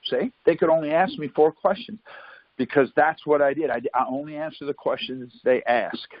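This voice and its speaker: Man, husky voice, casual storyteller, conference call line, dull lo-fi. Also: on the high side, normal speed, no echo. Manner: keeps asking "See?" while telling anecdotes.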